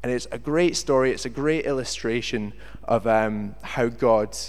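A man's voice: medium pitch, a little slow, clear, resonant tone. A man preaching a sermon and telling a story from his own life, acting out what people say. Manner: animated storyteller who acts out quotes. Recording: long reverb of a large hall.

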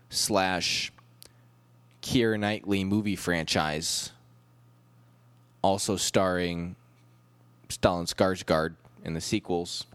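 A man's voice: fairly low pitch, dry recording. A man hosting a comedic solo podcast, rambling through wry, self-deprecating asides. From United States. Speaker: podcast host.

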